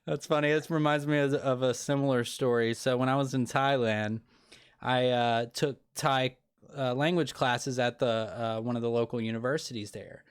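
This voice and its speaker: Smooth-voiced male podcast host. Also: mid-range voice, steady tone, normal speed. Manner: easygoing, rambling with restarts. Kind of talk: casual interview chat.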